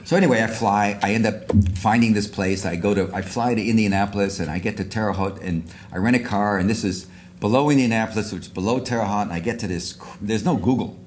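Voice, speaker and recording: A man's voice: on the low side, fast, a little mellow, slight background noise. An older man giving an anecdotal luncheon speech, rambling with frequent restarts and asides. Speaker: award speaker. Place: luncheon hall.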